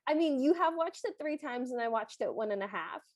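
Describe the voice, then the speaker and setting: High-voiced woman chatting casually. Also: expressive, fairly quick, no echo, clean studio sound. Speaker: podcast co-host. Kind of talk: casual chat.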